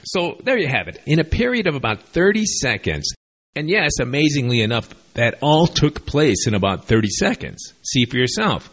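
Husky man with sardonic commentary. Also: medium pitch, sing-song, normal speed, fairly bright tone. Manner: sardonic, wry asides. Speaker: video host. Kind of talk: casual commentary monologue. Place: lives in Latin America.

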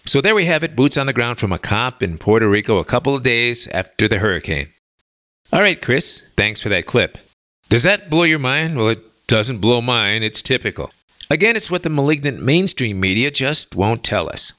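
A male talk show host relaying a translated interview in an animated, indignant retelling. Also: mid-range voice, normal speed, dry recording.

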